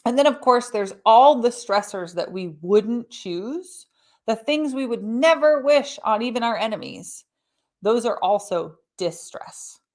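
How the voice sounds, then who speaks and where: A middle-aged woman hosting a podcast, explaining ideas in a conversational teaching manner and often checking in with "right?". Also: medium pitch. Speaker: podcast host.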